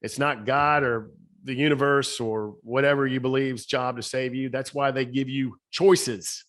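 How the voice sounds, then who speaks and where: A man's voice: medium pitch, steady tone, unhurried, a bit bright. Southern man, emphatic motivational speaker. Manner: emphatic, repeats key phrases. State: slightly shaky voice. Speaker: podcast guest, speaker and author. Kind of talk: motivational podcast talk.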